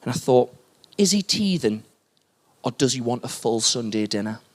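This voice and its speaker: A man voicing a weary grandmother, flat and doom-laden in delivery. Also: mid-range voice, normal speed, noisy background, voice pushed down, lightly acted. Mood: gloomy.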